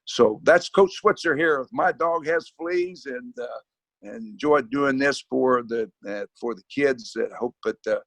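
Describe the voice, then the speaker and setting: A man's voice: mid-range voice, measured pace, fairly bright tone, no echo. An older man reading a children's picture book aloud at home, wandering into chatty asides and stumbling over frequent fillers and restarts. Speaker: guest reader.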